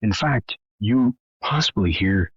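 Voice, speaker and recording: A man's voice: on the low side, expressive, slow pace, slightly rough, no room sound, highs cut off. A man narrating a tabletop game as game master, in a dramatic, rambling way.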